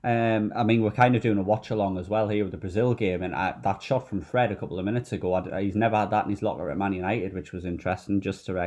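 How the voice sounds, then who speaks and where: Low-voiced podcast host. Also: male voice, warm tone. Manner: filler-heavy, loose, asks questions. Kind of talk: casual football chat.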